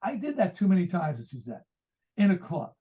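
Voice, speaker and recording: An American man in his sixties, a guest author and musician, tells rambling stories in a casual interview, acting out the quoted dialogue. His high voice swoops wildly in pitch and moves briskly, heard over a tinny, phone-like remote line.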